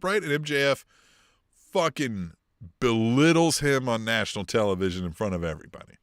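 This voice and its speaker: A man co-hosting a casual wrestling podcast, talking in an animated, profane way and mimicking wrestlers with bursts of laughter. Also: mid-range voice, moderate pace, no echo, studio quality. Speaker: podcast co-host.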